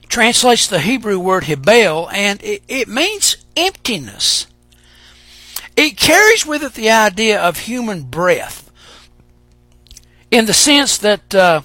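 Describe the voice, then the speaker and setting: Slow, animated male preacher. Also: high-pitched, no room sound. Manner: dramatic pauses and emphatic delivery. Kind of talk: sermon.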